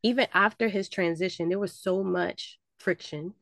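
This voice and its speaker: A woman hosting a podcast, asking a guest questions in a relaxed, conversational way. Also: mid-range voice, normal speed, creaky, no echo, studio quality. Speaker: podcast host. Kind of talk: casual interview chat.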